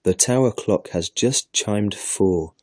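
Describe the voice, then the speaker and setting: A man's voice: on the low side, slow pace, a little mellow, dry recording, studio quality. A man voicing a sulky, boastful young boy who talks down to his guest in a storybook reading. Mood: dismissive. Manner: dismissive, know-it-all.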